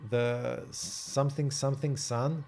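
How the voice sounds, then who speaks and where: A man in a casual coding vlog, thinking aloud in a halting way, full of restarts and questions to himself, and reading documentation aloud in quick bursts. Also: mid-range voice, steady tone, creaky, a little mellow. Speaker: programmer vlogger.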